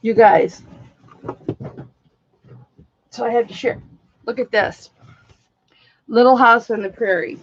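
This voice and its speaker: Woman, live-stream seller; chatty, excitable, casual swearing; slightly high voice, dry lo-fi sound. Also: takes it slowly, long pauses, slight background noise.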